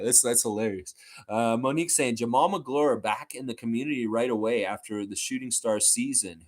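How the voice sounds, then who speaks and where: A man hosting a livestream for a fan channel, chatting casually as he reads out viewer comments. His voice sits at a middle pitch but moves up and down with a lot of life, and he rambles, padding his talk with fillers. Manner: rambling and animated, with many fillers like "and stuff like that".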